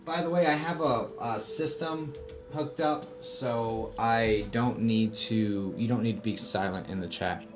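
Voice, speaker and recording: A man's voice: medium pitch, measured pace. Rambling man, music underneath. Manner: rambling, full of fillers and self-corrections. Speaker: psychic medium. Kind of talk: livestream reading, casual chat. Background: background music.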